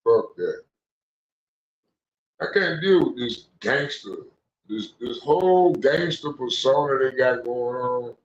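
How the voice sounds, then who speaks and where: A young man hosting a casual livestream panel, telling stories in an animated, slangy way. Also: medium pitch, slow pace, long pauses. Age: young adult. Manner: animated ranting storyteller, slangy. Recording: echoey, dull lo-fi audio.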